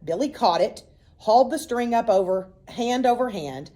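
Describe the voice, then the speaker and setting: Lady reading a kids' chapter book out loud, lots of up and down in her voice, acts out the dialogue. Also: a little high, moderate pace. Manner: expressive storytelling, voices for the children. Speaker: reader. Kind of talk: reading a children's novel aloud.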